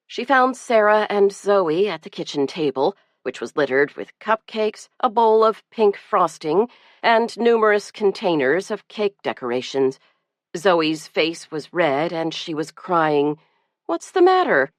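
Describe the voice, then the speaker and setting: A woman narrating an audiobook in an expressive, lively reading. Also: on the low side, no echo, studio quality. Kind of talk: scripted narration.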